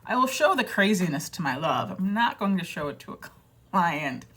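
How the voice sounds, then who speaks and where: A woman's voice: lowish voice, very animated, normal speed, sharp tone, breathy edge. A woman vlogger chatting casually and self-deprecatingly, rambling with fillers and dropping into quoted voices. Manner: rambling with many fillers and restarts. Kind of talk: casual chat to camera.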